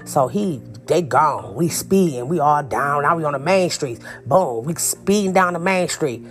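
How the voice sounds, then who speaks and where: Animated young woman telling a story. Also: low-pitched, a little slow, soft background music. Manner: animated, acts out quotes, slangy. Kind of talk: casual storytelling.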